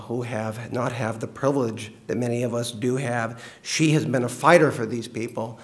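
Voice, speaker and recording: A man giving a thankful public speech at a podium while losing his voice, with many fillers. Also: mid-range voice. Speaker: state senator giving a speech.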